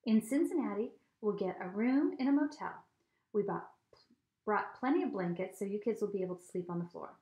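A practical, matter-of-fact mother reads out her plans in an ordinary mid-range voice, as a woman reading a storybook puts her on. Each item comes out briskly and orderly. The room around her has a clear echo. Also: medium pitch, expressive, warm tone, close to an everyday voice. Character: organized, planning mother of a family. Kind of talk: storybook read-aloud. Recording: echoey room.

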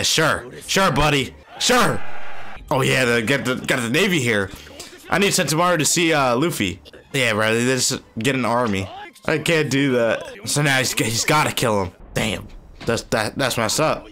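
A man hosting an anime reaction video, talking in excitable, slangy bursts full of exclamations. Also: medium pitch. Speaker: anime reaction channel host. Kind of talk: live anime reaction commentary.

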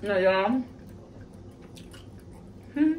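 A woman's voice: mid-range voice, animated, extremely slow, phone-quality sound. A woman hosting a casual eating show, chatting to viewers as she eats and murmuring over the food. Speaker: mukbang channel host. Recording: distant mic with faint noise.

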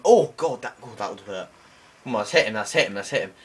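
A young man giving excitable let's play commentary, shouting exclamations and making sound effects while he plays. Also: fairly low pitch, moderate pace, slightly rough. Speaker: gameplay commentator.

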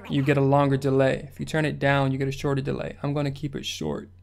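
A man's voice: mid-range voice, monotone, fast talker, gravelly. A man hosting a music production tutorial, talking through the steps in a laid-back, slangy way. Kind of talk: casual screen-recorded tutorial narration.

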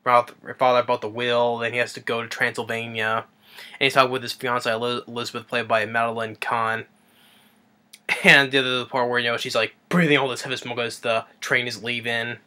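Brief: male movie reviewer, mid-pitched, bright tone, loose chuckling recap. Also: flat delivery, a little fast. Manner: rambling, chuckling retelling of scenes.

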